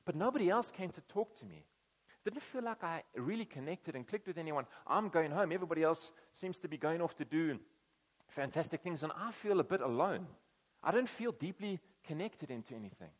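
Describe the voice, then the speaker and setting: A man's voice: fairly high pitch, lively intonation, fairly quick, long reverb tail. A man preaching a conversational sermon, acting out quoted voices as he tells the story. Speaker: pastor.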